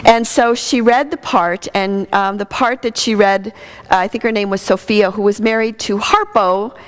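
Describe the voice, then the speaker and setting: Lady minister preaching, chatty relaxed storytelling, medium voice. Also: mid-range voice, normal speed. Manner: conversational, relaxed storytelling with fillers. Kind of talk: storytelling sermon.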